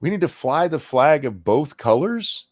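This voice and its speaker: A man's voice: fairly high pitch, big pitch swings, measured pace. A middle-aged man co-hosting a live political reaction stream, talking in a loose, jokey, often profane way. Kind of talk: casual live reaction chat.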